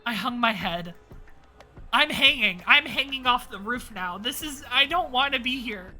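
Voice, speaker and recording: Young woman gaming streamer, emotional and profane, bright and high, soft music behind. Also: expressive, moderate pace. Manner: emotional, swings between wails and murmurs, swears. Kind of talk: let's play commentary. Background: lofi music.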